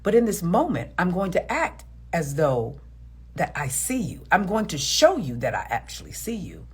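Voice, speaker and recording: Husky woman with a lively, swooping voice. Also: fairly low pitch, normal speed. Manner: emphatic and preachy, repeats words for stress. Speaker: relationship commentator. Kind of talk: opinionated video commentary.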